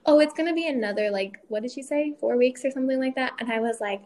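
A young woman with a slightly high voice tells a story in casual chat. She acts out each quoted line with lively swings in tone and laughs often. She speaks as a military spouse swapping stories. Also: fast, hardly any pauses.

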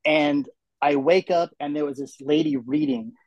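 Guy telling a story on a podcast, kinda high voice, dry sound, does all the voices. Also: moderate pace, gravelly, dry recording, rough recording. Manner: animated storyteller acting out quotes. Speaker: guest telling his story. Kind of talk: casual podcast conversation.

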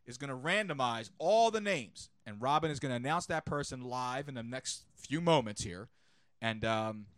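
A man's voice: medium pitch, no echo, clean studio sound. A man on a sports podcast, explaining things and trading playful banter in casual chat. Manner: animated, quick, playful banter.

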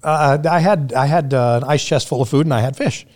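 A man speaking as a podcast guest in loose, casual conversation. He tells his stories bluntly, with plenty of swearing, at an ordinary middle pitch. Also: brisk, a little mellow. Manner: blunt, profane storyteller.

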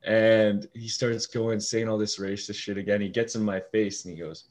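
A young man with a deep voice telling a story in casual talk, swearing freely and acting out what people said. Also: normal speed, hardly any pauses. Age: young adult. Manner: animated storyteller, swears freely, acts out quoted lines. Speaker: fast-food shift manager.

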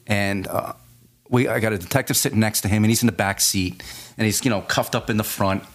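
A man, a former detective, telling a case story in casual chat, animated and often repeating his words. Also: lowish voice, a little fast.

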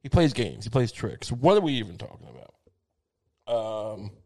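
A man's voice: fairly low pitch, big pitch swings, measured pace, darkish tone. A man hosting a talk show, delivering a profane, sardonic comedic monologue that rambles and restarts itself.

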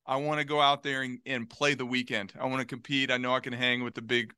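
Bright, smooth-voiced man in his forties. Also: medium pitch, fast talker, no room sound. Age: 40s. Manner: animated storyteller. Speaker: golf pro guest. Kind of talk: casual podcast interview.

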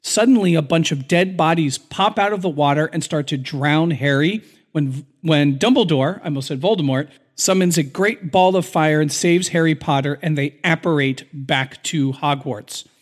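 A man's voice: on the high side, normal speed, hardly any pauses. A man co-hosting a podcast, recapping a film in an earnest, emotional storytelling way. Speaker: podcast co-host.

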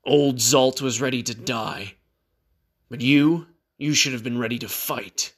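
A man's voice: mid-range voice, steady tone, a little slow, fairly bright tone. A man voicing a stern male warlord general who growls his words in short, clipped lines.

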